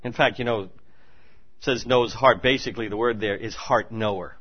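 A man preaching a sermon, moving between hushed asides and loud, emphatic declarations. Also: on the low side, fairly even intonation, normal speed, husky, highs cut off. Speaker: pastor.

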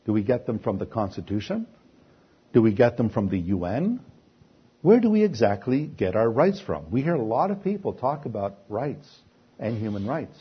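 Male preacher, slightly husky, lecture-style sermon built on rhetorical questions, muffled lo-fi sound. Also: medium pitch, sing-song, normal speed. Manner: asks rhetorical questions and answers them himself.

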